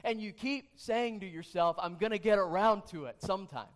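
A man's voice: sits high, moderate pace. A pastor preaching a sermon and reading scripture, earnest, often repeating his questions and restarting phrases. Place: church sanctuary.

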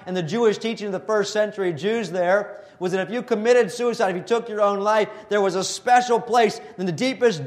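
A man preaching a sermon, reading scripture and quotes, and turning animated when he voices the scoffers. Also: high voice.

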